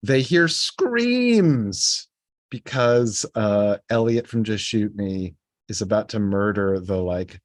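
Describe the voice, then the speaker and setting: A man's voice: fairly low pitch, animated, slow pace, dry recording, studio quality. A man co-hosting a podcast, casually retelling a TV episode in a loose, rambling way full of "like". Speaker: podcast co-host. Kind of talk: casual episode recap chat.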